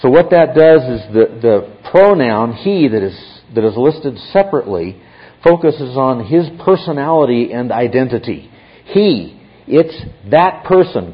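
A man teaching a Bible class, explaining step by step and often checking in with his listeners. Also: mid-range voice. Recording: dull lo-fi recording.

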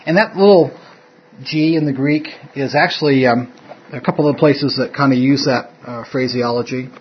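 Speaking at a normal speed in a mid-range voice, this man runs a casual Bible study, wandering off track, stopping to fix his own words, and laughing lightly now and then. Slight background noise sits under a dull, lo-fi room recording.

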